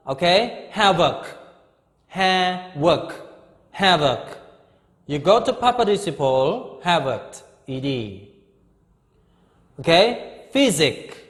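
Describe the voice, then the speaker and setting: A man's voice: a little high, reverberant, big-room sound. A middle-aged man teaching an English grammar lesson, repeating each word and often checking with "okay?".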